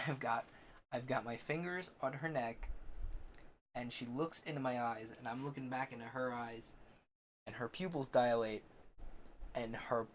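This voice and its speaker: A man's voice: medium pitch, a little slow, slight background noise. A young man streaming, rambling through an embarrassing story with self-mocking asides and frequent laughter. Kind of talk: casual storytelling on a game stream.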